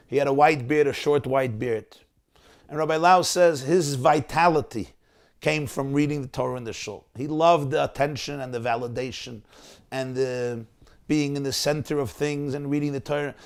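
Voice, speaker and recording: A male rabbi narrating a story to his listeners over a video call. His voice sits a little high with a gravelly rasp, and he tells it with lively, acted-out energy. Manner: animated storyteller, acting out quotes. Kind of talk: sermon storytelling.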